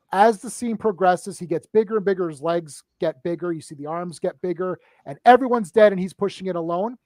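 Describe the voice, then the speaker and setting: A man on a casual live-stream film chat, excitedly retelling scenes in quick bursts, restarting often and tagging on "right?". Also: high voice, no room sound. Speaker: movie discussion panelist.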